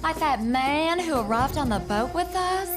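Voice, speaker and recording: A woman's voice: high-pitched, expressive, normal speed, music in the background. An actress playing a chirpy, gossipy young woman in a comedy sketch.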